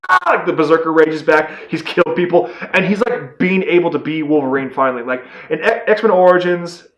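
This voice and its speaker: A man giving a casual, excitable movie review, rambling with lots of fillers. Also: on the high side, brisk, roomy sound, lo-fi sound.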